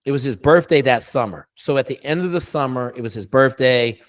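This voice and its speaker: A man's voice: medium pitch, a little fast. A middle-aged man, a coach, telling a story in a casual interview, blunt and profane with lots of emphasis.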